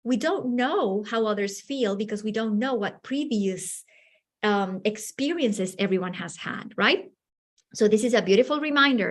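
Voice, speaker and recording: A woman giving a teacher training talk, animated and acting out little dialogues from her stories. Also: mid-range voice. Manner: animated, acts out dialogues in quoted voices.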